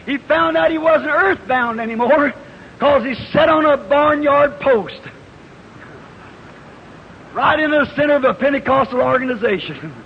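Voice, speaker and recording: A man preaching a fervent revival sermon, telling a parable in a storytelling way that rises into shouts. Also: very high-pitched, a little slow, pauses often. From United States. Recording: lo-fi 1950s hall recording with hiss.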